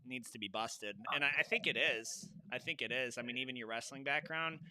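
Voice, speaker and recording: A man's voice: mid-range voice, fairly quick, bright, forceful tone, a little hiss or hum, poor audio. A man hosting a podcast, talking casually and emphatically, joking with his guest and using many fillers. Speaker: podcast host.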